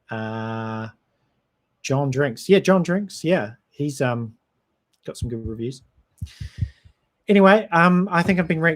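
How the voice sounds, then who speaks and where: A man from New Zealand, speaking with a New Zealand accent in a voice of ordinary pitch. He hosts a relaxed livestream and rambles from one thought to the next. He keeps replying to viewer comments as he goes. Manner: rambling, chatty, reads out and answers viewer comments. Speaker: whisky channel host. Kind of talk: casual livestream chat.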